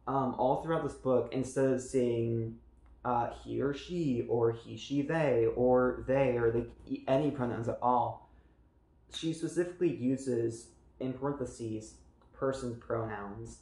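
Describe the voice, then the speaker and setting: An earnest man from the United States gives a casual book review to camera. He speaks at a middle pitch with a gravelly edge of vocal fry, wanders through fillers and restarts, and the room gives his voice a noticeable echo. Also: a little mellow.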